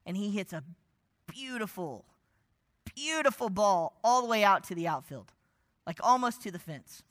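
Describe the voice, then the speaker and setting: Bright-voiced man preaching with lively storytelling. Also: high-pitched, moderate pace. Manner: animated storytelling, drops to near-whisper for asides. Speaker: pastor. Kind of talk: evening sermon.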